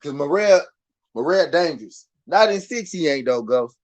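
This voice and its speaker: A man with a Southern US accent hosting a casual live boxing chat, animated and repetitive, swinging from muttering to loud outbursts. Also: a little high, moderate pace. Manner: animated, swings from muttered to shouted, laughs often, repeats himself. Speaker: boxing show host.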